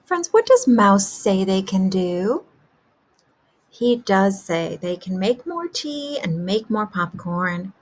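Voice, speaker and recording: A woman kindergarten teacher talks slowly and gently, posing simple questions to young children about a story. She speaks at a mid pitch and stays patient throughout. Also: big pitch swings. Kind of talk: teaching a class remotely.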